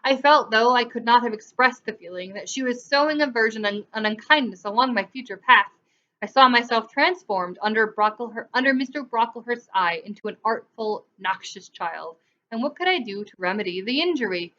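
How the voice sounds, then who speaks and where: A woman's voice: medium pitch, fairly quick, sharp tone, dull audio. A woman reading a classic novel aloud in an amateur audiobook style, sometimes stumbling and correcting herself. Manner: reads with small slips and corrects herself.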